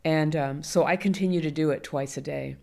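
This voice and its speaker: A woman's voice: low voice, fairly even intonation, fairly quick, creaky, a little mellow. A middle-aged woman, a guest in an interview, talking candidly and animatedly, often laughing. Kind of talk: conversational interview.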